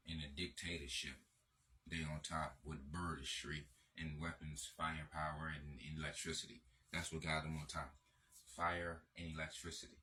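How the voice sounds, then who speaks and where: Deep, forceful man lecturing. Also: a little hiss or hum. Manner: emphatic, profane, repetitive. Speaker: channel host. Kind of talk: lecturing monologue.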